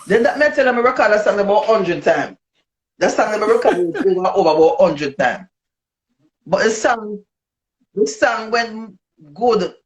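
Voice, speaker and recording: A woman with a Jamaican accent, a dancehall artist telling her story in a casual interview, animated and slipping into patois. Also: mid-range voice, moderate pace. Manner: animated, switches into patois, acts out quoted voices. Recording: dull lo-fi recording.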